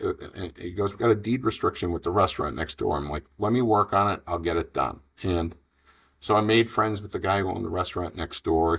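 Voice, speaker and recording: A man in his fifties telling a long business story in an interview, animated and rambling, acting out the dialogue. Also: low-pitched, breathy edge. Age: 50s. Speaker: franchise investor guest.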